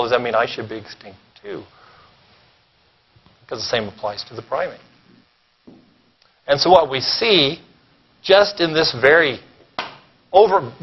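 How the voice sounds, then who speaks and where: A man giving a keynote lecture at a conference, animated and sarcastic, often pausing to check in with the audience. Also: mid-range voice, a little hiss or hum. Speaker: keynote speaker. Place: conference hall. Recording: dull lo-fi recording.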